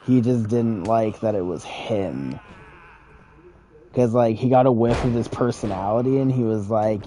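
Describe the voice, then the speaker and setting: A man's voice: lowish voice, a little slow, warm tone, slight background noise. Laid-back man swearing through a story. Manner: profane, rambling, chuckles. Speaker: gaming creator. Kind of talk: casual storytelling.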